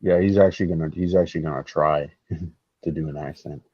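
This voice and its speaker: A very low-voiced man chatting as a co-host, hesitant and often repeating himself. The sound is dry and a little dull, like a lo-fi mic. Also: steady tone, fairly quick, slightly rough, no echo. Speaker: podcast co-host. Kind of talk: casual chat.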